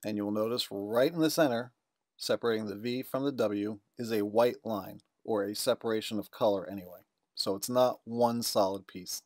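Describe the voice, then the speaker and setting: A man's voice: lowish voice, normal speed, dry recording, studio quality. A man narrating an explainer video in a conversational tone, building suspense. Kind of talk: casual explainer commentary.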